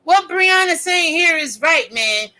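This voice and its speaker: A woman's voice: very high voice, lively intonation, measured pace, sharp tone, poor audio. A woman content creator ranting in a casual vlog, preaching with scripture and lots of cursing. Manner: profane, preachy and fiery; quotes scripture. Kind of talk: casual commentary vlog rant.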